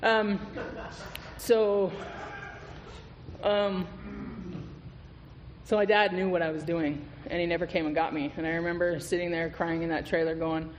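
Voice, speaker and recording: A man's voice: on the high side, steady tone, measured pace, pauses often. A man giving a candid, profane recovery testimony as a guest speaker at a meeting, telling his story with laughs. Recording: reverberant hall with faint noise.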